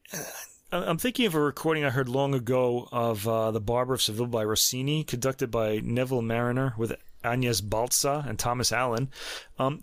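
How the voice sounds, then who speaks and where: A man's voice: medium pitch, fairly bright tone, no room sound, studio quality. A man in his fifties with a New York accent, hosting a casual podcast and reviewing classical recordings in a chatty, hesitant way. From New York City. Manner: chatty, hesitant with many ums and restarts, laughs often. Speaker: podcast host. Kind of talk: casual music review chat.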